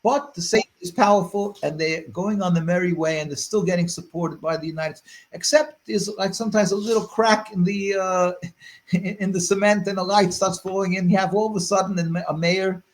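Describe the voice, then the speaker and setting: A high-voiced man, a rabbi, answers interview questions in long earnest stretches. He repeats words while finding his thought and then presses his points with force. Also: steady tone, brisk. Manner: rises to forceful emphasis.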